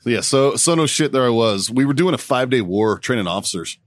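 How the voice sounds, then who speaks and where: A middle-aged man, a podcast co-host, telling a profane war story in a casual, animated way and acting out the people in it. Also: mid-range voice, a little fast, dry recording, clean studio sound. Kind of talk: casual storytelling among friends.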